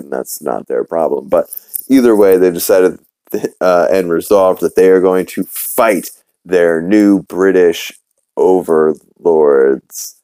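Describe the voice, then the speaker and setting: Brief: low, dark-voiced male podcast host, rambling casual recap, dry close mic. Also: dry recording. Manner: rambling, filler-heavy, swears casually.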